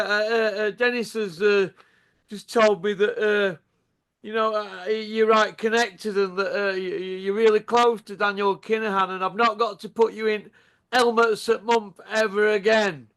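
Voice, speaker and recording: A man's voice: high voice, level tone, a little slow, fairly bright tone, smooth. A man mimicking a flustered, stammering middle-aged braggart who keeps saying "uh" and "yeah, yeah". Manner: stammering, filler-heavy, eager to please.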